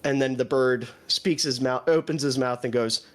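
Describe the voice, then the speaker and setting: A man narrating a tabletop role-playing game as game master, describing scenes in an animated way. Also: mid-range voice, moderate pace, soft background music.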